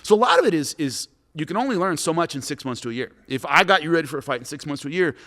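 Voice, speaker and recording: A man, a former fighter and commentator, giving coaching advice and telling lively stories in a podcast chat, acting out what people said. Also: a little high, very fast. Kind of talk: animated storytelling in a podcast chat. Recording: long hall reverb.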